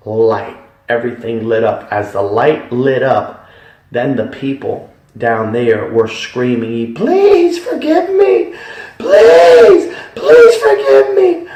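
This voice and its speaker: Guy giving a religious testimony, slow and dramatic, sounds far off in a big echoey room. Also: fairly low pitch, gravelly, a little mellow. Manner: emphatic, repetitive, dramatic storytelling. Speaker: testimony speaker.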